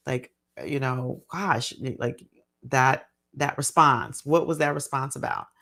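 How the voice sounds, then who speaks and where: Middle-aged woman, physician and parenting speaker, casual teaching talk. Gravelly texture, thoughtful and step by step, lots of fillers. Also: low-pitched, fairly bright tone.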